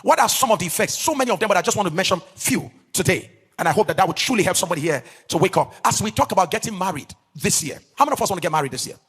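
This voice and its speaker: In a large hall, a pastor delivers a teaching sermon to a live crowd, his sing-song cadence drawing out key words. He poses questions to the audience and waits for replies. His voice sits high, expressive and fairly bright, with a breathy edge.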